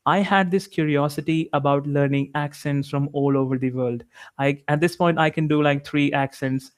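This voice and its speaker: Over a video call, a young English tutor with an Indian English accent gives a cheerful, supportive one-on-one lesson. His fairly high, smooth voice keeps a steady tone and moderate pace, and "like" crops up often.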